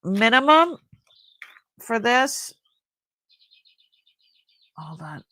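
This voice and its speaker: A woman's voice: on the high side, sing-song, very slow, bright, forceful tone. A middle-aged woman hosting a live jewelry sale, chatting casually and admiring each piece as she rambles. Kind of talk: casual live-stream selling chat.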